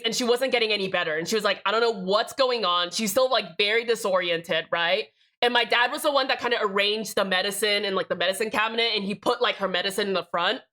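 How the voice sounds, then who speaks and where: A woman's voice: medium pitch, a little fast, bright, forceful tone. A young woman streaming live, rambling and chatting casually with plenty of swearing.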